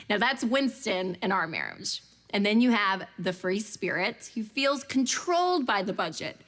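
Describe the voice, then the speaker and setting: A young adult woman giving a lively storytelling talk to a church audience about budgeting, acting out the voices she quotes. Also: mid-range voice. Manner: animated, acts out quoted voices. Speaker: speaker at a church budgeting class.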